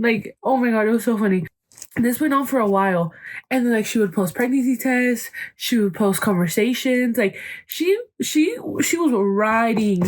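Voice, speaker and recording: A young woman hosting a casual podcast, telling a gossip story in a chatty way, swearing, slipping Spanish phrases into her English and acting out quotes. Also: mid-range voice. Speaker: podcast host.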